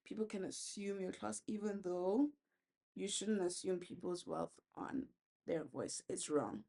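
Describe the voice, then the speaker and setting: Gravelly, warm-voiced woman. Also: mid-range voice. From South Africa. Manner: candid and opinionated, talks while braiding her hair. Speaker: vlogger. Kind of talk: casual opinion chat on a video call. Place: at home, with ducks nearby. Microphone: phone on a video call with noise cancelling.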